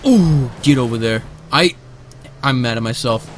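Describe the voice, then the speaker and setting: A man giving casual live commentary over his own gameplay, excitable and quick to burst into shouts and repeated cheers, speaking close to a desk microphone. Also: mid-range voice, slight background noise. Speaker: gamer and video creator. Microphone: desk microphone, sitting close.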